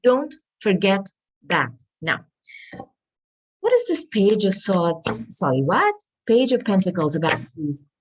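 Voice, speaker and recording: A woman giving a tarot reading to viewers, earnest and reassuring, often pausing to hunt for the right word. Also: medium pitch, sing-song, breathy edge, poor audio. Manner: earnest, reassuring, searches aloud for words; addresses viewers as darling. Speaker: tarot reader.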